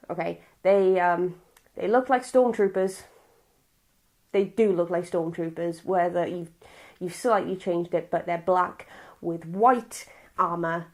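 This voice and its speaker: A woman's voice: on the low side, a little mellow. Rambling Welsh woman reviewing a film. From Wales. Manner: rambling, chatty and blunt, with frequent restarts and swearing. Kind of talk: casual spoken film review.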